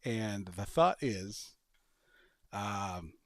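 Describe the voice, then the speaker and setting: A man hosting a podcast, chatting casually and pitching a sketch idea with animated storytelling and bursts of laughter. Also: drawn-out words, no echo, studio quality. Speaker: podcast host. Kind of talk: casual chat.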